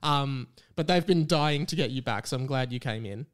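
A woman's voice: rumbling low, normal speed. A woman hosting a podcast in casual chat, joking, teasing and often laughing. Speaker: podcast host.

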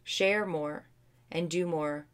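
A woman co-hosting a relaxed podcast, her voice sitting a little low for a woman. She sounds upbeat and encouraging as she chats. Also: slow pace, clear, resonant tone. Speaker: podcast co-host. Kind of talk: casual podcast chat.

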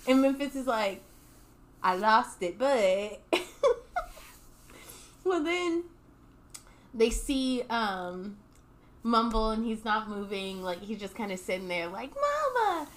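A woman's voice: fairly high pitch, slow, long pauses. A woman co-hosting a comedy podcast, playfully retelling a movie and acting out the characters' lines. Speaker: podcast co-host. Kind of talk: casual stoner movie recap.

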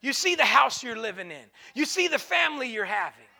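A male pastor preaching an impassioned sermon in a church, dropping to a hush and then breaking into shouts, with repeated call-and-response lines. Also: extremely high pitch, sing-song, a little fast, gravelly. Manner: repetitive call-and-response phrasing.

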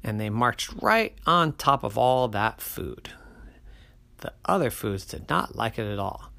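A bedtime storyteller reads slowly, with a gravelly texture and a lively, swooping lilt. Whispered asides drop in between playful, sing-song phrases. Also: medium pitch.

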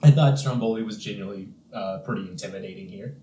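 Low-voiced man chatting in a roomy space. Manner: relaxed, chatty, acts out characters' lines in quick bursts. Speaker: podcast co-host. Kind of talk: casual film discussion podcast. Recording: roomy sound with faint background hiss.

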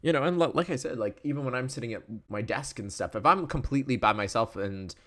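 A man's voice: medium pitch, animated, fast talker, a bit bright. A young man in his twenties telling a story in a casual, rambling way, full of fillers and tangents. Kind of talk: casual chat.

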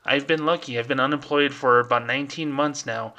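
A man hosting his own podcast, ranting in a casual, fired-up way and slipping into quick mocking voices. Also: medium pitch, steady tone, pushed and bright. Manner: fired-up, ranting, mimics people in quick asides. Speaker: podcast host.

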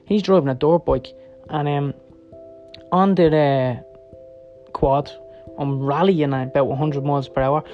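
Middle-aged man, rough-edged storyteller, raised pitch, rapid rambling delivery, faint music bed. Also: steady tone, lo-fi sound. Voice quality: heavy swearing, blunt and emphatic. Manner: rapid, rambling, seeks agreement with "right?" and "yeah?". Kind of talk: personal storytelling monologue.

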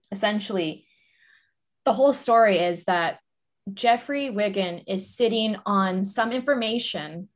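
A woman casually reviewing a film, retelling scenes in a rambling, filler-heavy way. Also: mid-range voice.

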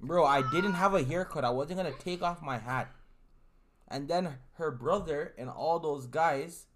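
A young man in a casual chat, telling a story in a low-key, mumbled way. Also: a little slow, fairly bright tone.

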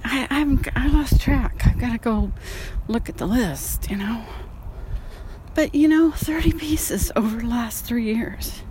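Woman, unhurried, blunt and sighing, slightly breathless, faint outdoor noise. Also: fairly high pitch, darkish tone. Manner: frank, sighing, swears casually. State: out of breath from walking uphill. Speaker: painter. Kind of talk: casual vlog monologue. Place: outdoors, walking.

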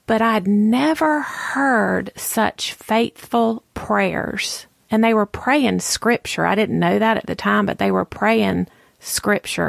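An earnest middle-aged woman tells a faith story in a chatty, direct way. Her voice carries a strong, gravelly fry. The sound is dry and close. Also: mid-range voice, dry recording. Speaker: speaker giving a faith testimony. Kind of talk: devotional testimony talk.

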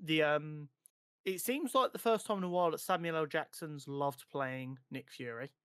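A man on a podcast, talking through a film in an easy, animated way. He tends to trip over his words and repeat them when he gets going. His voice sits a little high and sounds dry and close. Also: normal speed, clean tone, no echo. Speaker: podcast co-host. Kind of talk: casual film review chat.

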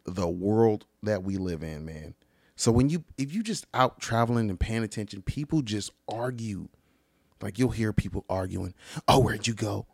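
A man casually ranting about travel stories, profane and animated, acting out the people he quotes. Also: normal speed, vocal fry, no room sound, studio quality. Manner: animated, profane, acts out quoted people with big pitch jumps. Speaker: vlogger. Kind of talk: casual storytelling rant.

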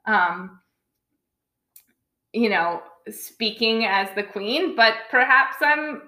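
A woman talks casually about films and rambles, full of "like" and restarts. Her voice is bright and clear. The room has a noticeable echo. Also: a little high, animated, extremely slow. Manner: rambling, many likes and restarts. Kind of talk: casual film review chat.

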